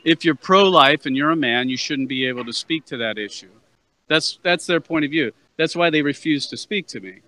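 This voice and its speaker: A man's voice: a little high, normal speed, bright, forceful tone, poor audio. A man interviewing passersby on a university plaza as a street activist, asking persistent, probing questions and stumbling over repeated words.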